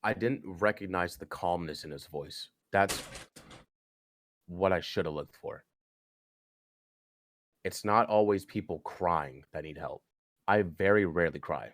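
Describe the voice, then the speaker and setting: A young man on a podcast, telling a personal story earnestly, haltingly, with frequent restarts. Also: deep voice, a bit bright, no room sound, clean studio sound. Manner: earnest, halting, with many restarts and "you know". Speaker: podcast guest.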